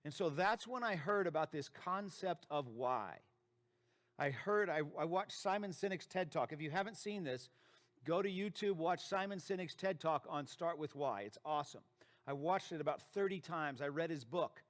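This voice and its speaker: A man's voice: a little high, animated, normal speed. A man who is a dentist and practice founder giving an emphatic motivational presentation, repeating key phrases for effect.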